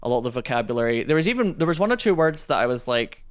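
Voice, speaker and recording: A Scottish man from Scotland, co-hosting a gaming podcast in casual, animated chat, acting out quotes as he tells stories. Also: medium pitch, racing, clean tone. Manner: animated, storytelling with quoted asides. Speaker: podcast co-host.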